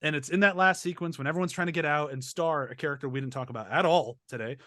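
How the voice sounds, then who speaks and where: A man's voice: fairly high pitch, quick pace, no echo, studio quality. A man hosting a casual movie review podcast, telling stories animatedly and acting out quotes. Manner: animated storyteller, acts out quotes with laughs. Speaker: podcast host.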